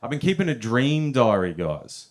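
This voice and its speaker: A man's voice: medium pitch, sing-song, moderate pace. A young man telling stories in a stand-up set at a comedy club, often chuckling at his own punchlines.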